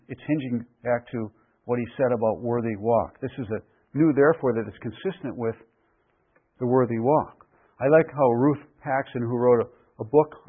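Male preacher, husky voice, emphatic and deliberate, narrow phone-like radio sound. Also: medium pitch. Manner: emphatic, deliberate, repeats key phrases. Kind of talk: expository sermon.

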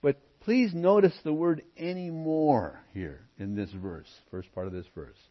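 A man preaching a verse-by-verse sermon to his church, emphatic at times and then dropping to quiet asides. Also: fairly high pitch, animated, unhurried, highs cut off. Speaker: pastor. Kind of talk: expository sermon.

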